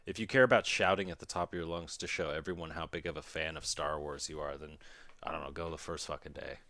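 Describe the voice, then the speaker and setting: A man's voice: rumbling low, fairly even intonation, fast, pushed and bright. A man co-hosting a podcast, mostly chiming in with short agreements and blunt opinions. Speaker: podcast co-host. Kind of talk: casual podcast chat.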